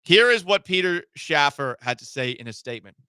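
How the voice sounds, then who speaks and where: Sarcastic male sports radio host, fairly high voice, dry studio sound. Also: very animated, fairly quick, sharp tone, clean tone, no room sound. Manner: sarcastic, wry. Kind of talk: casual sports talk radio.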